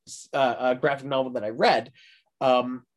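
A man's voice: medium pitch, steady tone, moderate pace. A young man in casual podcast chat, rambling through a story with many fillers and frequent laughs.

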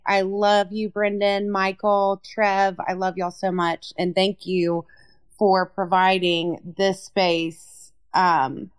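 A woman's voice: medium pitch, little pitch movement, takes it slowly, clean tone. A woman calling in to a live audio chat, gushing and grateful. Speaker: caller.

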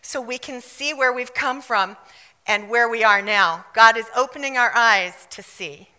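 A woman from South Africa preaching a fervent, emphatic sermon with loud bursts of declaration. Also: a little high, measured pace, smooth, big-room sound. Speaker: pastor.

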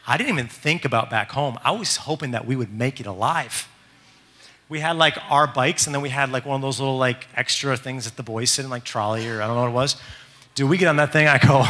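An animated man tells a story with excitable, fast-shifting energy. His voice is very bright and sits a little high. The room around him carries a long, ringing echo. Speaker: father telling a family story. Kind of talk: casual storytelling.

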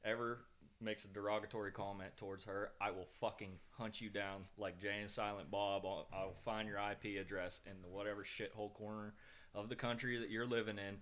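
A man's voice: fairly low pitch, little pitch movement, brisk, fairly bright tone. A man co-hosting a podcast, telling rambling stories in casual chat, swearing freely and making mock threats. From northern United States. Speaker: podcast co-host.

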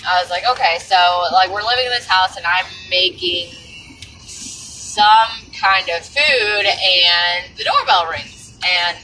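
A young woman chatting casually, telling animated stories, acting out voices, laughing and swearing. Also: fairly low pitch, slow, faint music behind. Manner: animated storyteller, acts out dialogue, swears and laughs. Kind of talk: casual chat. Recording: distant mic with background noise.

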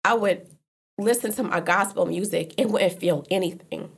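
This guest's voice sits on the low side, with vocal fry and a breathy edge at normal speed. She candidly recounts a personal story in loose, casual speech, restarting often and repeating "like."

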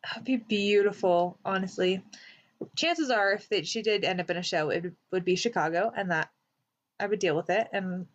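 A young woman co-hosting a podcast in casual chat, emphatic and quick to exclaim. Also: medium pitch. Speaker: podcast co-host. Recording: slightly dull, lo-fi sound.

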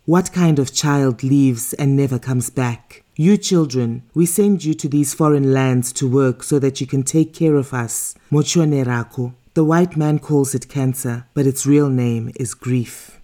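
A woman's voice: extremely low pitch, a little slow, few pauses, mellow. A woman voicing a stern old male village healer. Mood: scolding. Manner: stern, accusing.

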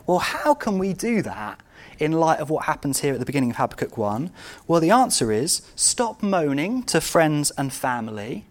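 A man preaching a sermon, asking his congregation rhetorical questions and moving between loud outbursts and quiet, intimate moments. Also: a little high.

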